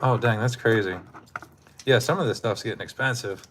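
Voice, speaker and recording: A man's voice: medium pitch, normal speed, a bit bright, a little hiss or hum. A man hosting a casual live stream, laid-back and laughing often as he talks with his chat, his throat sore from hours of talking.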